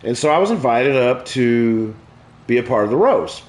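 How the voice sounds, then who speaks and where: A man, a comedian hosting a stream, tells crude jokes and stories in relaxed, profane chat. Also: mid-range voice, moderate pace. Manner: crude, profane joke-telling. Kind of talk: casual storytelling chat.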